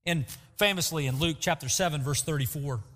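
A man preaching a sermon as pastor, lively and acting out quotes to make his points. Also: fairly high pitch, fairly quick. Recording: long hall reverb.

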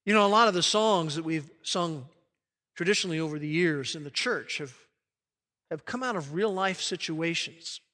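A man preaching a sermon in an earnest way, sinking to a soft hush on key phrases. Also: a little high, lively intonation, normal speed. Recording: long hall reverb.

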